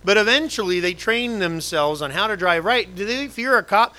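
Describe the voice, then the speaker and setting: A male pastor delivering a sermon in a casual, conversational way. He is animated and keeps asking the congregation rhetorical questions. His voice sits a little high and sounds bright. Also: fast, hardly any pauses, rough recording.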